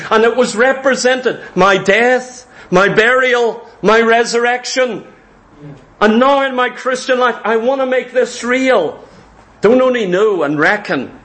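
A man's voice: high-pitched, fairly bright tone. A man preaching a sermon, emphatic and repetitive, quoting scripture.

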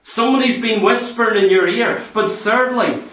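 A man's voice: high voice, moderate pace, bright, forceful tone. A man preaching a sermon, pressing the congregation with emphatic rhetorical questions. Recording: echoey hall, mic far off.

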